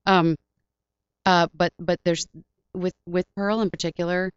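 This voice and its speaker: A woman voice actress telling animated stories as a guest in a casual interview, heard on a dull lo-fi recording. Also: fairly low pitch, clear, resonant tone, no room sound. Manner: animated, fast storyteller.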